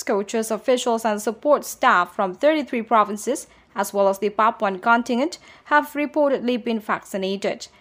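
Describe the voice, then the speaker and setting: Woman, news presenter, formal bulletin reading, slightly high pitch.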